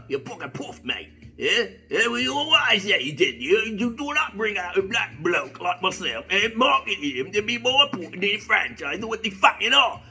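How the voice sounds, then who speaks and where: A man's voice: high-pitched, sharp tone, full character voice. A man doing a mocking impression of a crude British bloke, in a put-on British accent, blustering and swearing at a studio.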